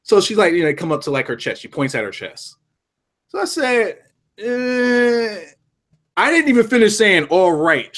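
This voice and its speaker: A young man in a casual podcast chat, telling a long anecdote with many restarts and some swearing. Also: a little high. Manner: animated storyteller, lots of restarts and swearing. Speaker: podcast co-host.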